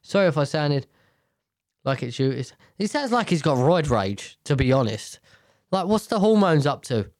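A man's voice: a little high, sing-song, moderate pace, no room sound, clean studio sound. Blunt, cursing man reading posts. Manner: blunt, profane, jokey asides. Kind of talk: reading posts aloud and reacting.

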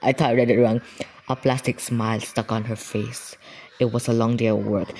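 A young woman co-hosting a podcast, reading scary stories aloud in a halting way and pitching up for the quoted voices. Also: little pitch movement, dark tone, a little hiss or hum. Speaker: podcast co-host.

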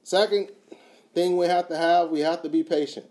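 A man's voice: a little high, steady tone, moderate pace. Emphatic motivational speaker, man. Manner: emphatic, repeats key phrases, swings from quiet to loud. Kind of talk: motivational talk.

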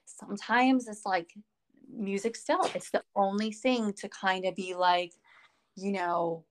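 A woman's voice: medium pitch, steady tone, unhurried. A woman co-hosting a podcast, talking casually and rambling, with many fillers and restarts. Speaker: podcast co-host.

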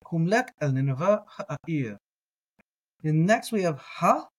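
A man teaching a reading lesson, patiently repeating each word slowly for listeners to echo. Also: fairly high pitch, sing-song, breathy edge. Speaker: language teacher.

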